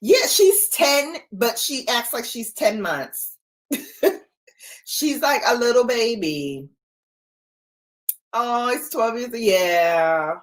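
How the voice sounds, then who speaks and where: A woman's voice: on the high side, animated, extremely slow, long pauses. A middle-aged woman hosting a casual livestream, chatty, laughing often and answering viewer comments. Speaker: livestream host.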